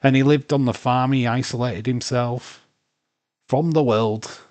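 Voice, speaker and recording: A man's voice: mid-range voice, fairly even intonation, unhurried, darkish tone, no echo. A man hosting a casual livestream, arguing playfully with chat viewers and laughing often. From Britain. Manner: bantering, argumentative, laughs often. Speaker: livestream host.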